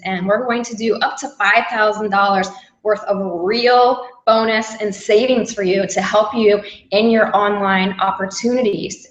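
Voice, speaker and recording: A woman's voice: mid-range voice, fairly bright tone, reverberant, dull audio. A woman co-hosting a live online sales webinar, upbeat and persuasive, repeating key points for emphasis. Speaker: webinar co-host.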